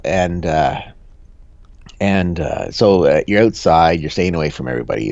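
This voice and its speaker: A man's voice: low-pitched, moderate pace, a little mellow, no room sound. A man telling a rambling, jokey story in casual podcast chat, full of fillers and restarts. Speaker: podcast co-host. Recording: dull, dry lo-fi sound.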